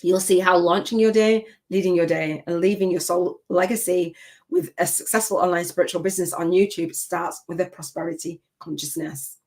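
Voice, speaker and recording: Emotional older woman, low-voiced coach. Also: steady tone, normal speed, a little mellow. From United Kingdom. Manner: emotional, rambling and heartfelt, with restarts. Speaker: spiritual business coach. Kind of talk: live masterclass talk.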